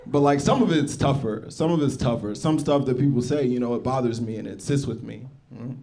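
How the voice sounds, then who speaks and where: A man's voice: mid-range voice, a little fast, warm tone. A man from Texas doing stand-up, talking straight to the crowd in a mock-wounded, conversational way. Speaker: stand-up comedian. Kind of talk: stand-up set. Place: comedy club stage. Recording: noisy live club recording. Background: audience laughter.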